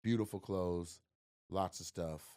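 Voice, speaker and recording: A man doing crowd work as a stand-up comedian and podcast host, talking loudly, laughing, and mimicking voices. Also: low-pitched, unhurried. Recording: roomy live venue, crowd noise, far from mic.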